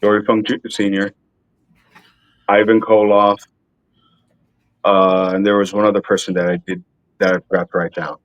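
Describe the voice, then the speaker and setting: A man's voice: on the low side, little pitch movement, moderate pace, pauses often, no echo, highs cut off. Offhand man in a dry room. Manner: offhand, swears, loses his train of thought. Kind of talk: casual chat.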